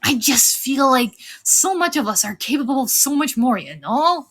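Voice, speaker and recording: A woman's voice: sits high, very animated, normal speed, fairly bright tone. A young woman streamer chatting casually on a live stream, giggling often as she thanks viewers and reads the chat.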